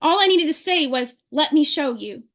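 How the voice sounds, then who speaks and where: Woman, high pitch, animated storyteller who acts out the quotes; testimonial talk to a group. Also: moderate pace. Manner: lively, acts out quoted people in her story. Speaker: speaker sharing a testimonial.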